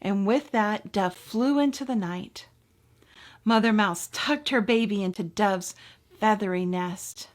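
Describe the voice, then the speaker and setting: A woman minister reading a children's story aloud to her congregation with expressive, gentle delivery. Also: medium pitch, unhurried.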